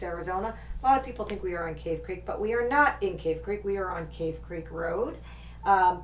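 A middle-aged woman hosting a podcast, chatting casually and laughing often. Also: medium pitch. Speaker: podcast host and shop owner. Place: indoor room, on a couch. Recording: echoey room, distant mic, faint noise.

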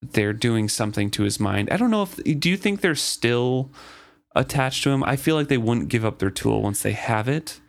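A man co-hosting a casual book discussion, retelling the plot in a relaxed, tentative way. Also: mid-range voice, normal speed, creaky. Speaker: podcast co-host.

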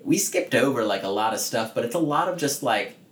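A man's voice: mid-range voice, lively intonation, fairly quick, reverberant. A man co-hosting a podcast, casually recapping a movie plot with lots of fillers and laughs. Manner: rambling, filler-heavy storytelling with laughs. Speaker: podcast co-host.

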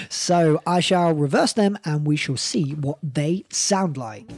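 A man hosting a playful party game, laughing often as he runs each round. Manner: slow, lively pitch, laughs often. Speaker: game host. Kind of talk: playful game-show chat.

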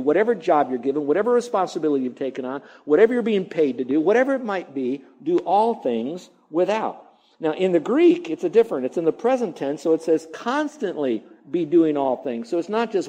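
A man's voice: fairly high pitch, dark tone, low-quality recording. A male pastor preaching a sermon, emphatic and repeating phrases for effect.

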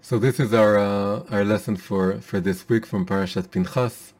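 A man's voice: lowish voice, fairly even intonation, moderate pace, darkish tone. A man giving a weekly Torah class, teaching in an earnest, emphatic way.

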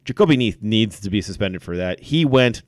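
A man co-hosting a casual sports podcast, telling events in an animated way with many fillers. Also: on the low side, fairly quick, no room sound, clean studio sound. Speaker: podcast co-host.

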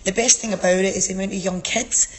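A chatty woman with a Scottish accent answers questions in a casual interview. Her voice sits mid-range in pitch and trails into a long reverb. She talks freely with plenty of fillers. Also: fairly even intonation, fast, slightly rough. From Scotland. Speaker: guest event organizer.

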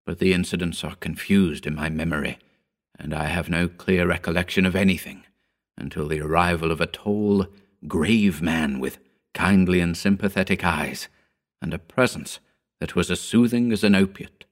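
A man reading a horror story aloud in scripted narration, measured and somber. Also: low voice. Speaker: audiobook narrator.

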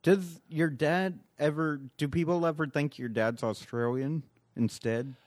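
A man's voice: a little high, fairly even intonation, a little slow, darkish tone, no echo. A man hosting a podcast, chatting loosely with frequent laughter and swearing. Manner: laughs often, loose and profane. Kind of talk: casual chat.

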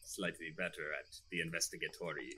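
A man's voice: rumbling low, steady tone, brisk, pushed and bright, a little hiss or hum. A man playing a character in a tabletop game, speaking in a formal, playful way. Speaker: player.

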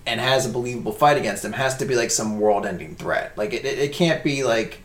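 Young man, casual podcast talk, echoey room, lively mocking delivery. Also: medium pitch, fairly quick. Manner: animated, swearing, bursts into mocking put-on voices. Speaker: podcast co-host. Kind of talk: casual chat.

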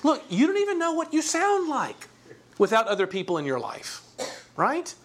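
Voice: high-pitched, wildly swooping pitch, moderate pace. Chatty Bible teacher asking rhetorical questions. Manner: conversational, stumbles and repeats words, asks rhetorical questions. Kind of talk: informal Bible class teaching.

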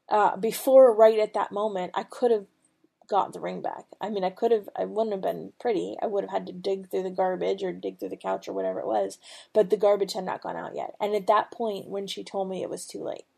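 Middle-aged woman host, devotional podcast, gravelly edge, earnest and conversational. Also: medium pitch, a little mellow. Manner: earnest, personal storytelling with fillers.

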